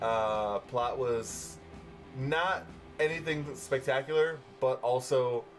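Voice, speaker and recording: A man co-hosting a casual movie review podcast, relaxed and full of fillers, swearing freely. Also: medium pitch, takes it slowly, faint music behind. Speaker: podcast co-host.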